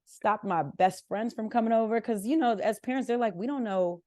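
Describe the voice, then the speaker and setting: A little high and a little fast, this young woman's voice comes through in studio quality with no room sound. A Southern California podcast guest, she shares candid stories in a casual interview, animatedly acting out what her family members said.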